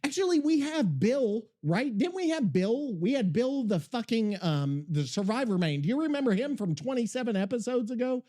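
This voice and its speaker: A man hosting a podcast in loose, casual chat, rambling and swearing constantly. His voice sits high and leaps all over the place, full of excitable energy. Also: moderate pace, few pauses. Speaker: podcast host.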